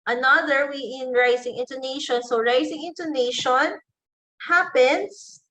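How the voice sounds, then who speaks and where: A woman teacher with a Filipino English accent gives an online lecture slowly and deliberately, repeating example phrases aloud so students can keep up. Her fairly high voice is bright in tone with fairly even intonation, though the audio is poor.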